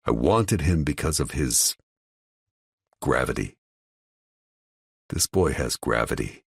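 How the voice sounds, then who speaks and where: A man narrating an audiobook in the first person, telling the story in a measured, brooding way. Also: very deep voice, animated, creaky, slightly rough, no room sound, clean studio sound.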